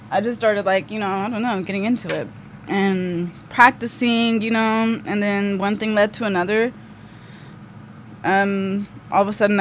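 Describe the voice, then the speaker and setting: A young woman guest on a podcast, telling a story casually with lots of "like" and "um". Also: medium pitch. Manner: chatty, full of fillers like "like" and "um". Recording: faint background noise.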